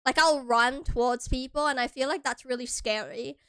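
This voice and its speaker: Bubbly young streamer girl from hawaii, high bright voice, giggly, dry close mic. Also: normal speed, clear, resonant tone, no echo. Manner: bubbly, giggly, bursts into squeals. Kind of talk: casual stream chat.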